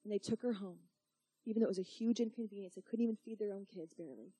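A woman voicing God as a loving father who asks her calm, searching questions. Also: medium pitch, quick pace, slightly rough, natural voice. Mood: tender.

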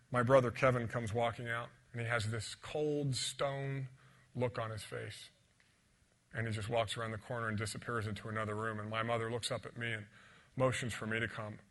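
A man preaching a sermon, telling a childhood story dramatically, dropping to whispers and building to loud emphasis. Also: mid-range voice. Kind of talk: sermon with personal testimony.

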